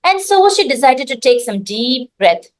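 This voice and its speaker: A woman narrating an improvised folk tale in a calm, expressive way. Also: sits high, normal speed. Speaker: storyteller. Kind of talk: improvised storytelling.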